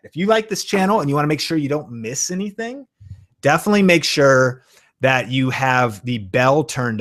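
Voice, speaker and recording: Man, live-stream host, enthusiastic, chatty, lots of ums and likes. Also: mid-range voice. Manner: enthusiastic, excitable, many fillers. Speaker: YouTube channel host.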